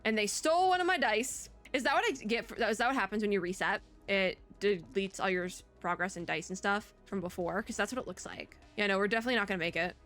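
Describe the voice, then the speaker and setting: A woman's voice: mid-range voice, fast talker, few pauses, fairly bright tone, faint music behind. A woman content creator giving casual, chatty gameplay commentary, thinking aloud and giggling between remarks.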